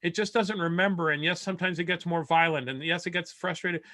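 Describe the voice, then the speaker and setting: A man's voice: fairly high pitch, steady tone, brisk, bright, forceful tone, dry recording. A man from Canada telling a comic family story over a video call, rambling along with stammered restarts and laughing at his own jokes. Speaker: comedian.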